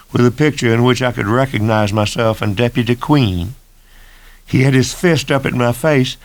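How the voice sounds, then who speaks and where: A man in his sixties reading his own novel aloud in a measured, deliberate first-person narration. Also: medium pitch, no echo. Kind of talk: abridged audiobook narration.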